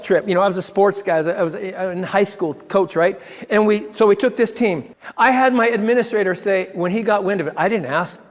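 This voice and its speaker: A man, a ministry founder, telling a personal story in an excitable way, often restarting his sentences and chuckling. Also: high-pitched. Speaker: ministry founder giving a talk. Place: church hall. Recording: long hall reverb.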